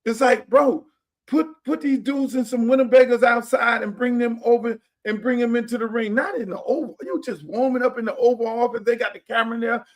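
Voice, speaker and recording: High-voiced blunt man ranting on a livestream. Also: fairly quick. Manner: blunt, profane, animated rants. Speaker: host. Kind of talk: casual livestream talk. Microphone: streaming setup.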